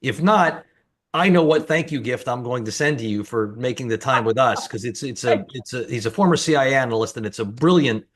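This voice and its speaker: A man's voice: mid-range voice, lively intonation, fairly quick, fairly bright tone. A man hosting an interview, asking long, thoughtful questions in a conversational way. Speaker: host.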